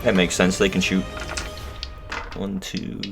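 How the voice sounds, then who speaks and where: A man with a very low voice runs a tabletop game as game master. He talks casually, stops to explain rules and fills gaps with ums and uhs. Faint music plays behind him. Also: level tone, slow, gravelly.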